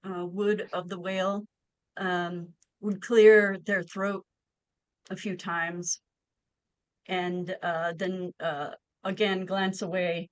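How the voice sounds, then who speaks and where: Slow, smooth-voiced woman player. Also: mid-range voice, level tone, dry recording. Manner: slow, hesitant, many pauses. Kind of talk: tabletop role-play narration.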